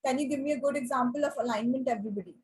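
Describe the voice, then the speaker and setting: A woman teaching an online class, often asking the class questions and pausing with fillers. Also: high-pitched, a little mellow, husky, low-quality recording.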